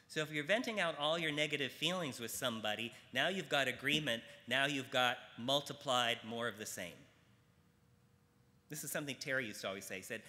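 A man speaks to a spiritual gathering in a frank, irreverent, conversational way, slipping into the voices of the people he quotes. His voice is bright and forceful. The sound carries a long reverb from a large hall. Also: fairly high pitch. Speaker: spiritual teacher. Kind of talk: casual talk to a spiritual gathering.

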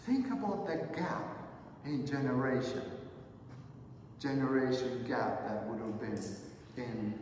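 A man's voice: mid-range voice, measured pace, long pauses, a little mellow, a little hiss or hum. A man preaching a sermon as pastor, earnest, putting many questions to the congregation and calling them brothers and sisters. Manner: calls the listeners brothers and sisters. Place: church sanctuary. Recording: echoey hall, mic far off.

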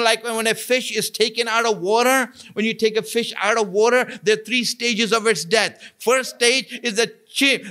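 A man's voice: very high-pitched, pushed and bright. A man preaching a sermon, telling a story with quoted dialogue and repeating lines for emphasis. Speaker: preacher giving a majlis.

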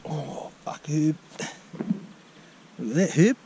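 A man's voice: fairly high pitch, lively intonation, slow, dark tone. Rowdy swearing New Zealand man outdoors. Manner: rowdy, swears a lot, keeps calling out a name. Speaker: vlogger. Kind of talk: outdoor vlog chat. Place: outdoors in the countryside. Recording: outdoors with clear background noise.

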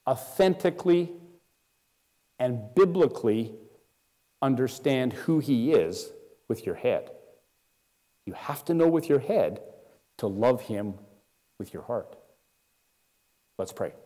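A man preaching a sermon as pastor, emphatic, dropping soft and low to stress his points. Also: big-room sound. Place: church.

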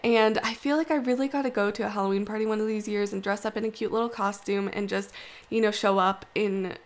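A woman's voice: medium pitch, fairly even intonation, fast. A woman in her twenties with a groggy morning voice, chatting in a rambling, self-deprecating way full of fillers over a video. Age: 20s. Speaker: video creator. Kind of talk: casual chat voice-over.

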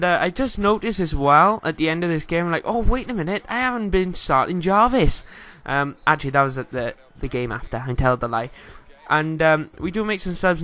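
A young Welsh man, a gaming YouTuber from Wales, gives a casual, rambling voice-over commentary on a game, full of fillers. His voice is a little high, pushed and bright.

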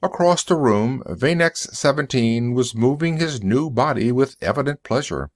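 A man reading a story aloud as a narrator for English learners, slowly and deliberately. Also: mid-range voice, lively intonation, dry recording, studio quality.

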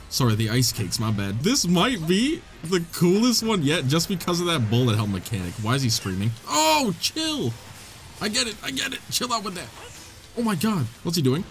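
A young man giving excitable let's play commentary, laughing, swearing and reading the dialogue aloud. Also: on the high side. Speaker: gaming YouTuber. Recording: faint game music behind. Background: faint game music.

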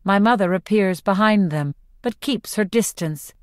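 A woman narrating a novel in the first person, with clear, expressive storytelling. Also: medium pitch, moderate pace, no echo, studio quality. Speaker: audiobook narrator.

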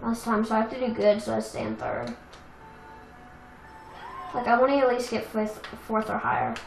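A young woman casually commenting on a racing game she plays, chatty and self-deprecating, with excitable outbursts. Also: on the high side, normal speed, gravelly. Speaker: let's play gamer. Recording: echoey room with game music.

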